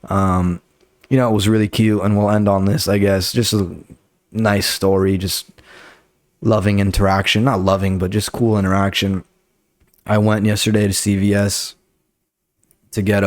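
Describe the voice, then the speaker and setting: A man's voice: fairly low pitch, dry recording, clean studio sound. A young man, a comedian hosting his podcast, telling rambling, profane stories and acting out the people in them. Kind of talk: casual solo storytelling. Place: Los Angeles area.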